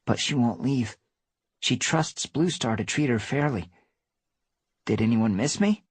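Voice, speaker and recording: A man's voice: mid-range voice, unhurried, breathy edge, no room sound, pitched above the performer's own voice. A man voicing an earnest, brave young male apprentice cat during a live novel reading. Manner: earnest, admitting.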